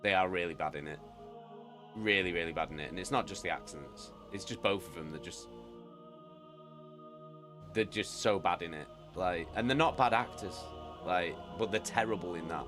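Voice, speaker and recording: A man's voice: low-pitched, normal speed, pauses often, music in the background. A British man chatting casually with viewers as a streamer, rambling and swearing freely. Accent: British English. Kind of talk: casual chat.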